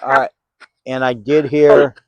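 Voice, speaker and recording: An older man investigating the paranormal, outdoors in a rainy cemetery, calling out slow, patient questions to spirits. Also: mid-range voice, level tone, no room sound, lo-fi sound.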